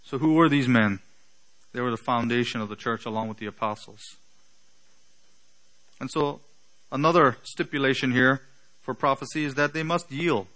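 A man preaching a sermon, building to loud emphatic peaks and trailing off quietly at the ends of phrases. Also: mid-range voice, moderate pace, long pauses, low-quality recording.

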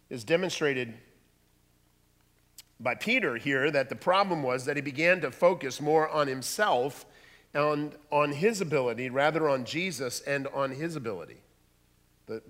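A man preaching a sermon, dramatic, dropping to a hush and rising to loud bursts. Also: on the high side. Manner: dramatic, swings from hushed to loud. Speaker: pastor. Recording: long hall reverb.

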